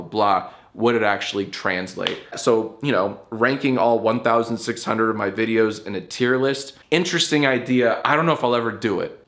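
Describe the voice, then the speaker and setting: Man, YouTube host, casual chat to camera, playful, pitch jumping around, middle-pitched voice. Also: fairly bright tone. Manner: playful, jumpy pitch, spells things out.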